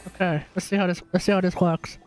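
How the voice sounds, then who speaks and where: A man's voice: high-pitched, little pitch movement, fast, faint music behind. An Australian man streaming a game, chatting and joking in a casual, rambling way. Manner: chatty, joking, restarts often. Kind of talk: casual gameplay commentary.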